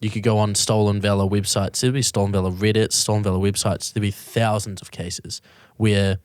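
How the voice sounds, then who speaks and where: A man chats casually on a podcast, his voice sitting low. He rambles with many restarts and the odd swear, recorded dry and close with no room sound. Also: little pitch movement, fairly quick, darkish tone, no echo. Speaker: podcast host. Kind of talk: casual chat.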